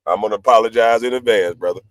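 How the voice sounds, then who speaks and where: Hosting a livestream, a middle-aged man rants brashly at critics, full of boasting and profanity. His voice is lowish and fast, with no room sound.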